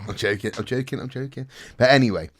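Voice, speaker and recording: A man telling a personal story in casual chat, animated and swearing often, laughing along the way. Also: mid-range voice, fast talker, husky. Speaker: podcast guest telling a story.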